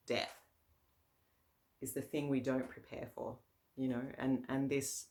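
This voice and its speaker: Buddhist nun giving a relaxed dharma talk. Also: female voice, extremely low pitch, moderate pace. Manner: casual, laughs often, many fillers and restarts.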